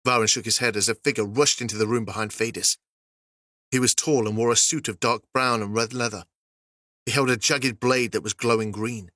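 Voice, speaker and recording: A man narrating a fantasy story as an audiobook, steady and even. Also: medium pitch, fairly quick, dry recording, clean studio sound.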